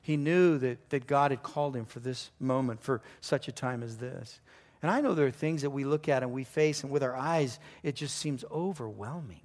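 A man preaching a sermon as pastor, telling a story earnestly, with sudden excited rises and quiet drops. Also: mid-range voice, normal speed.

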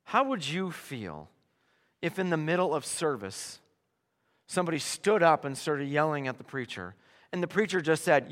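A man preaching a sermon with a bright, forceful voice and a lively, swooping delivery. He speaks slowly and deliberately, sinking to hushed tones and then rising to emphatic declarations. The sound rings out with a long hall reverb. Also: on the high side. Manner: animated, emphatic preaching with hushed mock whispers and sudden loud shouts.

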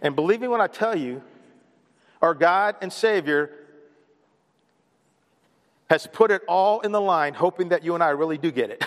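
A man's voice: a little high, expressive, normal speed, pauses often, in a large hall. A man preaching a sermon as pastor of a church, emphatic and repetitive, calling on the congregation to respond. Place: church sanctuary.

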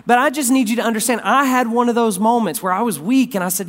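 A man preaching a sermon as pastor, swinging from loud, raised lines down to quiet, soft ones. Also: very high voice, quick pace, hardly any pauses. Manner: dynamic preacher, rising loud then dropping soft. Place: church sanctuary. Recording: long hall reverb.

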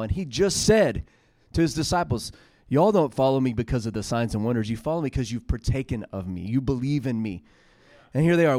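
A man's voice: medium pitch, fairly quick, darkish tone, no room sound. A man preaching a sermon, retelling scripture in casual paraphrase and building to emphatic peaks.

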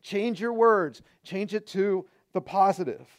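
A man with a notably high-pitched voice delivers a sermon as pastor. He exhorts his listeners earnestly, driving his points home with short, repeated declarations. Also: measured pace.

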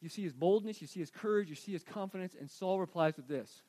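A man with a high, light speaking voice delivers a sermon, retelling a scripture story in a casual, animated way as if chatting with his congregation. The sound is close and dry, with no room echo. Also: quick pace. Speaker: pastor.

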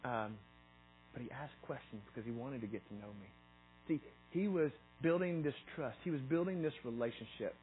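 A man's voice: mid-range voice, normal speed, a little mellow, slight background noise, poor audio. A middle-aged man giving a conversational sermon, often restarting his sentences and reading scripture aloud. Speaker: preacher.

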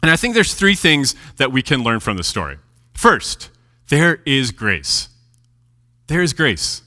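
A man preaching a sermon, reading scripture aloud and explaining it with animated delivery, dropping his voice low at key moments. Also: unhurried. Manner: lively, animated preaching with dramatic drops in volume. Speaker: pastor. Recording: long hall reverb.

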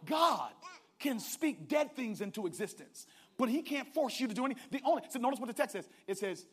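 A man preaching a sermon, calling out to the congregation and swinging from hushed asides to shouted climaxes. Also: very high voice, sing-song, fairly quick, slightly rough. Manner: calls out to the congregation.

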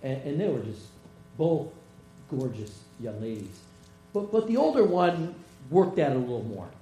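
A male pastor preaching a sermon through personal stories, halting and repeating words as he retells conversations. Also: mid-range voice, very animated, dark tone. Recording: echoey room with mains hum.

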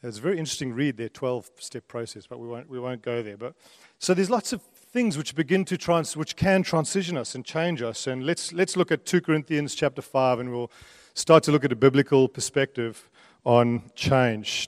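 A middle-aged man with a South African accent softened by his years in Australia, preaching a sermon in a conversational way with joking asides, building intensity when he reads scripture. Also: medium pitch, moderate pace, clean studio sound. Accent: South African, softened by long years in Australia. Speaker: pastor. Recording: long reverb of a church hall.

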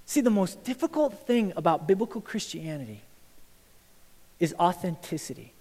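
A male pastor preaching a sermon to a congregation. He moves from loud, emphatic lines to quiet, intense ones. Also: high-pitched, big pitch swings, moderate pace. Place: church sanctuary. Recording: church hall with long reverb.

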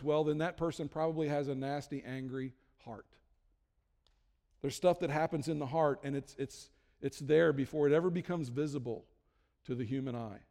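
A man's voice: on the high side, normal speed, vocal fry, warm tone. A male pastor delivering a sermon in a conversational, joking manner with many restarts. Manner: conversational, self-deprecating humor, frequent restarts. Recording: long hall reverb.

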